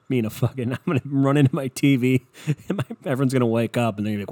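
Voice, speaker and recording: A man's voice: mid-range voice, fast, dry recording, clean studio sound. A young man rambling through a profane, comedic monologue as a podcast host. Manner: rambling, profane, animated storytelling.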